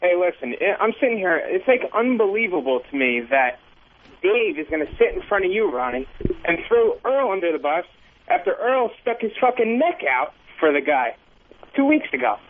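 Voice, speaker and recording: A man's voice: high-pitched, sing-song, normal speed. A man calling in to a radio show, indignant about a colleague. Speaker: caller. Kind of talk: call-in talk. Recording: tinny phone line with faint hiss.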